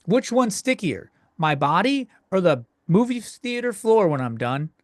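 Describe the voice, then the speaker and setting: A man's voice: high voice, sing-song, a little slow, dry recording, clean studio sound. A young man hosting a solo comedy podcast, ranting crudely and exasperatedly from home with frequent self-interruptions. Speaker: podcast host.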